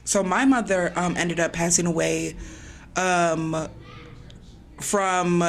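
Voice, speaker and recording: A woman podcast host talking through grief in a conversation, halting and pausing to hold back tears. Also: on the low side, steady tone, creaky.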